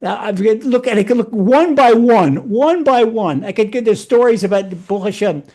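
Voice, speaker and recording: Animated man giving a storytelling lecture. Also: high voice, moderate pace. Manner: animated, repeats and restarts words often. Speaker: rabbi. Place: room with a live audience.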